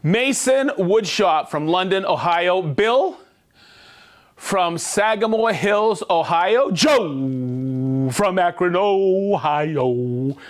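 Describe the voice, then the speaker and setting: Man, livestream host, upbeat and jokey, unhurried delivery. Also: high-pitched, animated. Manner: upbeat, jokey, rattling off names and places. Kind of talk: reading out viewer shout-outs.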